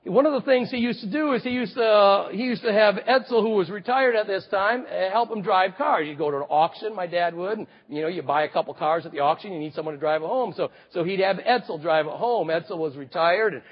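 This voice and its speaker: A man in his fifties preaches a storytelling sermon, moving from booming repetition to hushed asides. His voice is high and husky. It echoes through a large church hall and sounds a little dull. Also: fairly quick, hardly any pauses.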